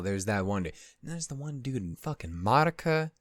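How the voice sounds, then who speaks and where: Pitched on the high side, this man sounds very animated, speaking briskly with few pauses as he closes out an anime reaction video with a rambling, self-mocking chat. He curses heavily, keeps wandering off and losing his train of thought, and the audio is echo-free studio quality.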